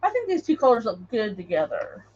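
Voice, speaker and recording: Woman, craft livestream host, casual rambling chat, high voice, slightly muffled audio. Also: wildly swooping pitch, a little fast, darkish tone, breathy edge. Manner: rambling, chatty, greets viewers by name.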